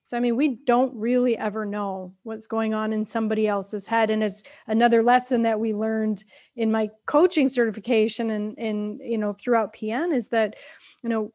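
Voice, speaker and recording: A woman's voice: fairly high pitch, warm tone. A woman coach co-hosting a casual podcast chat, thoughtful and affirming, recorded on a close mic. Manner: thoughtful, affirming, quick to agree.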